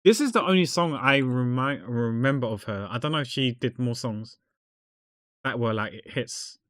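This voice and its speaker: A man's voice: mid-range voice, lively intonation, normal speed, a bit bright, no echo, clean studio sound. A man chatting casually with his viewers while drawing on a livestream, rambling and joking. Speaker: art streamer.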